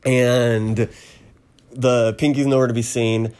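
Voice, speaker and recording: A man in casual chat, retelling a film's plot in a rambling way with many ums and quick acted quotes. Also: medium pitch, level tone, darkish tone, clean tone. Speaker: podcast co-host recapping a film.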